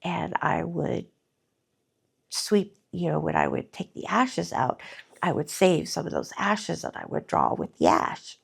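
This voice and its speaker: A middle-aged woman talking slowly and from the heart in a personal vlog, often pausing to search for words, at times teary-eyed. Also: low voice, sing-song, gravelly, husky. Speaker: artist vlogger.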